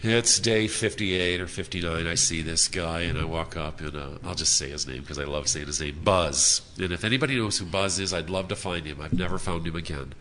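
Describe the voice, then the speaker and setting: A man sharing his personal story as a speaker at a convention, earnest and halting with frequent "uh" fillers. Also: sits low, sharp tone, a little hiss or hum. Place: hotel convention room.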